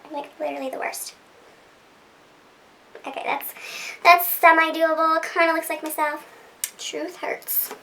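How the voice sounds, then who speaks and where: A woman's voice: very high voice, flat delivery, measured pace, vocal fry, pauses often, bright, forceful tone, a little hiss or hum. A woman vlogger chatting casually to camera at her desk, rambling and giggling at herself. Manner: rambling, giggly, self-deprecating. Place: sitting at a desk at home under lights. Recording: roomy, distant sound.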